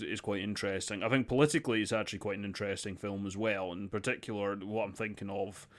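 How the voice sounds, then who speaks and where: A man's voice: on the low side, a bit bright. A man with a Scottish accent, reviewing a film in casual chat, hesitant with many restarts and a wry humour. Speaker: film critic, co-producer.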